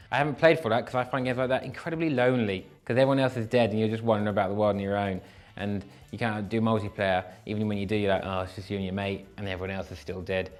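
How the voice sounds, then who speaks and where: Jokey young Englishman hosting commentary. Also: fairly low pitch. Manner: jokey, self-deprecating, animated bursts. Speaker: host reading viewer comments. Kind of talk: casual comedic commentary.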